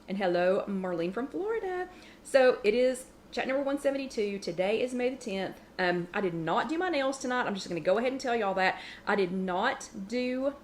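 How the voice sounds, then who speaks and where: A woman's voice: medium pitch, slight background noise. A chatty middle-aged woman hosts a casual livestream chat from her kitchen. She greets viewers one after another by name and reads out their comments. Now and then she breaks off to scold her dog. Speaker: host of a weight-loss support livestream. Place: home kitchen.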